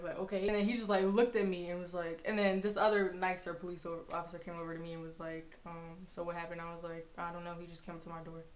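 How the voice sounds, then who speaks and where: A young woman telling a personal story in a casual vlog, animated and sassy as she acts out what people said. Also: medium pitch. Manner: animated, acts out quotes with sass. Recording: echoey room, dull lo-fi sound.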